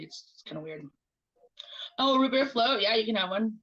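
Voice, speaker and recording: A woman's voice: mid-range voice, animated, fast, a bit bright, lo-fi sound. A woman livestreaming in casual chat, talking bluntly with lots of swearing and mocking remarks.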